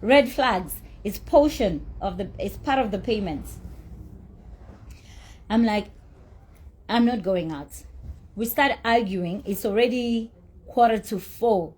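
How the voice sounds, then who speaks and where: Speaking slowly with long pauses, this woman has a mid-range voice that's a little mellow and slightly rough. She bluntly and indignantly recounts her version of a payment dispute, swearing and repeating points for emphasis in a candid monologue.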